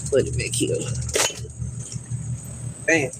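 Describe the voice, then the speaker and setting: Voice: slow, loud music behind the voice, rough recording. A livestream host chatting casually and frankly with viewers outdoors by a garden, griping and laughing easily. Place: outdoors by a garden on a hot day.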